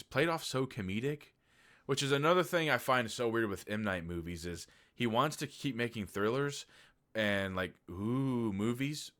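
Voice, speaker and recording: Deep-voiced man rambling a movie review. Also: fairly bright tone. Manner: rambling and candid, with lots of "like" and swearing. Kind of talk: casual spoken movie review.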